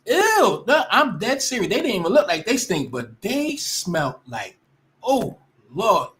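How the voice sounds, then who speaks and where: A woman's voice: mid-range voice, very animated, measured pace, a bit bright. A woman ranting casually to her viewers, blunt and profane, often restarting her sentences. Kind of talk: casual rant to camera.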